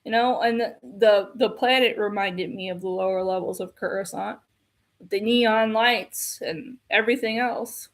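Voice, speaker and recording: A woman's voice: medium pitch, fairly even intonation, moderate pace. A woman giving an exasperated, ranting film review, repeating her complaints in a casual tone.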